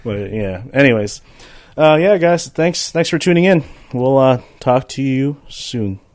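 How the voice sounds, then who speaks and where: A man's voice: medium pitch, lively intonation, measured pace, a little mellow, no echo, studio quality. A man co-hosting a podcast, telling loose, profane stories in a casual chat. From United States. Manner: loose, profane storytelling with laughs. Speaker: podcast co-host.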